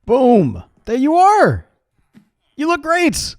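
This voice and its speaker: A man's voice: very high voice, wildly swooping pitch, slow pace, no room sound, clean studio sound. A man giving casual, rambling gameplay commentary in a playful, coaxing way. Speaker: game series player.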